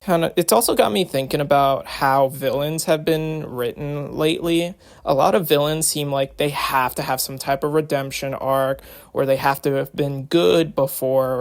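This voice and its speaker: A man's voice: mid-range voice, vocal fry. A young adult man giving casual vlog commentary, chatty and rambling with lots of fillers. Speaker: vlogger.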